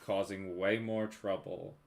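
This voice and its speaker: A man playing in a tabletop game, arguing in character in a casual, halting way full of fillers. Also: deep voice, level tone, gravelly. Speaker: player.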